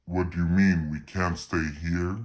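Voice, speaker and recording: Guy doing a low mumbly slangy dude, flat drawl, trails off into filler. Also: a little slow. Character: slangy young man, mumbling street talk.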